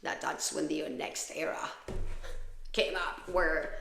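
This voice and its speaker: Low-voiced woman telling her story, echoey. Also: flat delivery, slow, creaky, fairly bright tone, a little hiss or hum. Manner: raw, profane, confessional. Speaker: podcast host. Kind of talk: candid personal storytelling.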